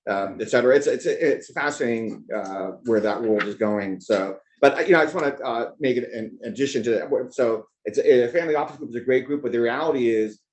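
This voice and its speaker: A man opening an investor gathering with loose, conversational remarks that wander from one aside to the next. His voice sits at a middle pitch and keeps an easygoing, chatty flow. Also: a little fast, hardly any pauses, a little mellow, a little hiss or hum. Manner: rambling, conversational, jumps between asides. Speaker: event host and organizer. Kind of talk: opening remarks at a business event.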